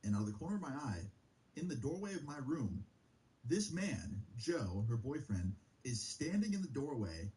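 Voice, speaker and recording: A man's voice: medium pitch, sing-song, normal speed, dark tone, poor audio. A young man telling a personal story in a heated, casual way, swearing freely. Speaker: streamer.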